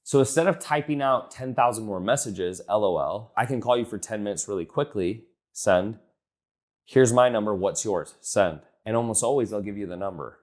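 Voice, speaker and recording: A man's voice: on the low side, moderate pace. A young man giving blunt, casual coaching on sales, swearing easily and acting out text messages in a lifted voice. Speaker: business coach.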